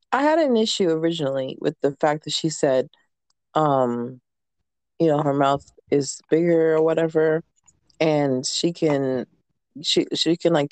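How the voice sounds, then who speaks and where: A woman co-hosting a podcast who speaks slowly and thoughtfully in a lowish voice. She shares her views in a relaxed, considered way. The sound is dry and close, with no room in it. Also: no echo. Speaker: podcast co-host. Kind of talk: casual chat.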